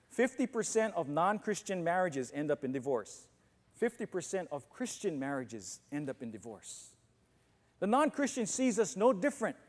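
A pastor with a notably high voice preaches to his congregation in a conversational way, often turning to them with questions. His voice rings out with a long reverb from the church auditorium around him. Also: a little mellow. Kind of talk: sermon.

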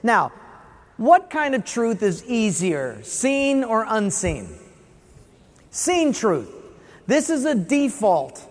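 A man's voice: high voice, big pitch swings, slow, long pauses. A man preaching a sermon in a church. He asks rhetorical questions and acts out little scenes in other voices. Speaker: pastor. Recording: long reverb of a large hall.

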